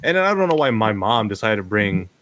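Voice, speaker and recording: A man in casual podcast chat with a lively, swooping voice. He tells his story with big jumps into a high pitch for the quoted lines, and he laughs between them. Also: fast talker. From Filipino family. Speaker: podcast co-host.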